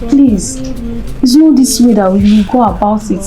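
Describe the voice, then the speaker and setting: An actress with a Nigerian accent playing a patient sister who soothes and pleads. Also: female voice, mid-range voice, normal speed, over loud music, natural voice. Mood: soothing. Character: calming younger sister, patient woman.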